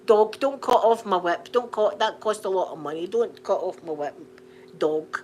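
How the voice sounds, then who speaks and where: Whiny pleading cowboy guy, a scottish woman putting him on, a bit louder. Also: mid-range voice, moderate pace, a little hiss or hum, natural voice. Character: flustered male cowboy pleading with police.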